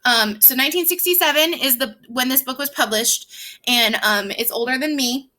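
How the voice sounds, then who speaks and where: Bright high-voiced woman teaching reading. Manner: patient, explains slowly, stretches words out. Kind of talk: recorded reading lesson for young children.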